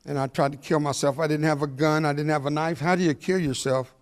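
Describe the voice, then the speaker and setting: An older man, giving a motivational speech that mixes jokes with storytelling and talks fast. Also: a little high, in a large hall. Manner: energetic, joking, fast-talking. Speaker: motivational speaker. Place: large hall before an audience.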